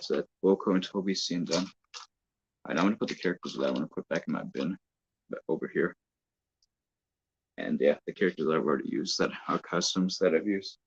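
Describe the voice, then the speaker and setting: A man's voice: deep voice, gravelly, slightly rough, dry recording. A man filming toy trains at home, chatting casually on a phone live-stream and often correcting himself. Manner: rambling, self-correcting. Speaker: hobby toy-train filmmaker. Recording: dull lo-fi phone audio.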